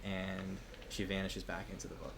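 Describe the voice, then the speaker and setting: Man, game master, tabletop game narration, calm, measured, low voice, faint background hiss.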